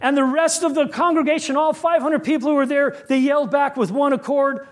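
A man preaching a sermon with rhythmic refrains, building intensity and dropping low on key lines. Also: steady tone, a little fast, hardly any pauses.

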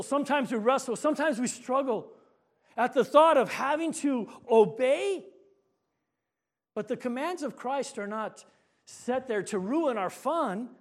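Man, pastor, sermon, very high voice, storytelling, emphatic pauses. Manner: storytelling preacher, slows for emphasis, rising to shouts in anecdotes.

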